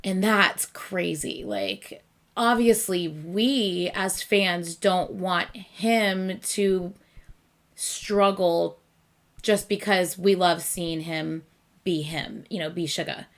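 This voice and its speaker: A woman's voice: on the low side, slow, creaky. A woman hosting a reaction video, talking in an earnest, emotional way with lots of restarts and fillers. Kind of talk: casual reaction commentary.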